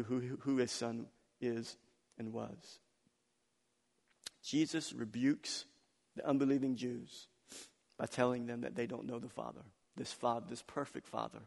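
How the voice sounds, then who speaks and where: A man preaching a sermon as pastor, telling family stories with laughter and swinging between loud, excited passages and soft, hushed ones. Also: medium pitch, creaky. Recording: long hall reverb.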